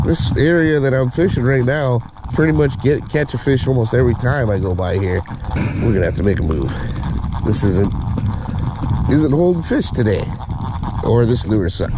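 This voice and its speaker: A man giving casual fishing commentary from a boat on a lake, excitable and whooping when a fish bites. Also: medium pitch, normal speed. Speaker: fishing vlogger. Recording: noisy outdoor lake ambience.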